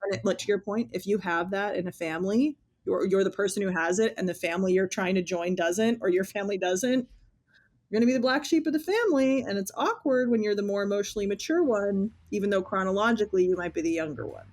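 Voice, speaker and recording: An animated woman clinician co-hosting a podcast. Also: medium pitch, fast. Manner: animated, acts out quoted dialogue in raised voice. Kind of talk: conversational podcast discussion.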